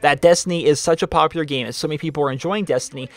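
A man hosting a show, reading viewer letters aloud and answering them in rambling, animated casual talk with lots of repetition. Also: a little high, rapid-fire. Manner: rambling, repeats himself, animated emphasis. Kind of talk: casual spoken commentary.

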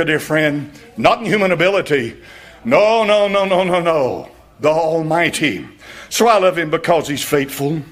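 A man preaching a fiery sermon, reading scripture softly and then shouting, repeating words for emphasis. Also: sits high. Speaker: pastor.

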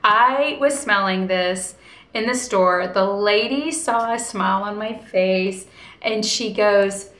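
A woman's voice: mid-range voice, slow pace, fairly bright tone. Chatty woman vlogging in an echoey room. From United States. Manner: chatty and storytelling, acts out quoted dialogue. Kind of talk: casual vlog chat. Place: indoors at home in front of a window.

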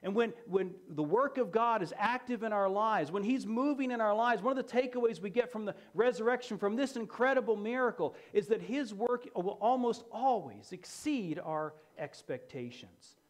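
A man's voice: high-pitched, animated, normal speed, few pauses. A man preaching a sermon as pastor, emphatic and repeating key phrases for effect.

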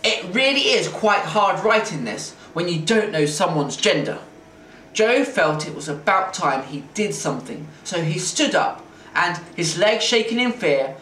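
A man reading a children's chapter book aloud in an expressive, playful way, like a teacher at story time. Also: sits high. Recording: roomy, distant mic, faint hiss.

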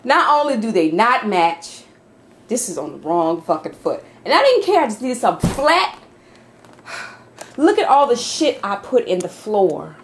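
Frightened woman shrieking and laughing. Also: mid-range voice. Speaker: vlogger. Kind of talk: casual vlog to camera. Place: her home office.

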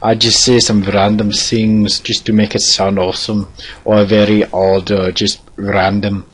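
An odd foreign-sounding character, as a man puts him on drawls slowly in a husky, lowish voice. His phrasing is broken and theatrical. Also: heavily acted. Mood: playful.

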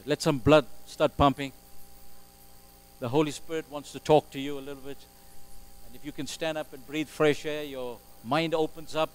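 A man's voice: a little high, a little hiss or hum, rough recording. Emphatic male pastor preaching. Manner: emphatic, swings from loud exclamations to quiet asides. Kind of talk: sermon. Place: church sanctuary. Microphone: live stream recording.

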